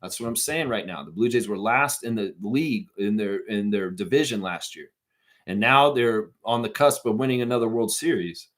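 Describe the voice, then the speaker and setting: A man's voice: fairly low pitch, moderate pace. Profane, fired-up middle-aged man. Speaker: fan stream host. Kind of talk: live stream rant reading chat.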